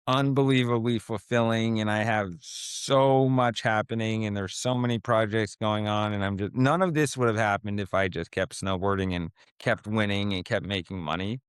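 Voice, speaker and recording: A man's voice: fairly low pitch, clean tone, no room sound, clean studio sound. A man in his thirties, a podcast guest, talking casually with lots of fillers and laid-back slang, speaking from home. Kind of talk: casual interview talk. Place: home, with a baby heard nearby.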